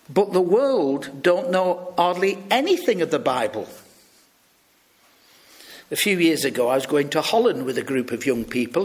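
A British man preaching a sermon, telling stories and acting out the people he quotes. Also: a little high. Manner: storytelling, lively, acts out quoted voices.

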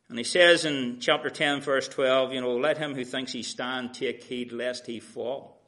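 In an expository sermon, a man reads verses and paraphrases them in a sarcastic everyday voice, swinging between loud, emphatic lines and quiet asides. His voice is mid-range and steady, at a moderate pace.

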